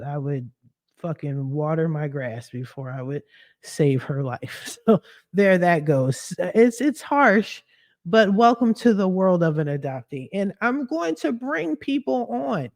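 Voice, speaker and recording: A woman's voice: low voice, a little mellow. Brief: young adult woman, podcast host, candid storytelling, salty language, frequent laughter. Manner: blunt, profane, laughs often.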